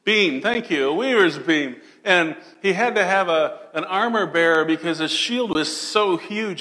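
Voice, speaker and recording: A man preaching a sermon dramatically, moving between loud declarations and hushed, almost whispered passages. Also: sits high, long reverb tail. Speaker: pastor.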